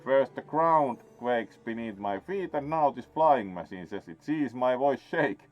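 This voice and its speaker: A man's voice: medium pitch, expressive, measured pace, soft background music, natural voice. A man voicing a put-upon local in a game, complaining in a whiny, indignant way. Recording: dull lo-fi sound.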